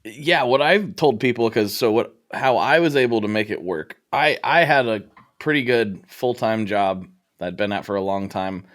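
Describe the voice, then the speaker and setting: A man's voice: on the low side, normal speed, fairly bright tone. A middle-aged man hosting a podcast, telling his story reflectively and acting out his own past thoughts. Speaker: podcast host. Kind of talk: casual interview chat.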